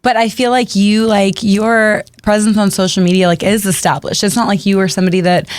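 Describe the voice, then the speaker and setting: A woman's voice: mid-range voice, flat delivery, brisk, no echo. Friendly woman podcast co-host. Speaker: podcast co-host, fitness instructor. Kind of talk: casual chat.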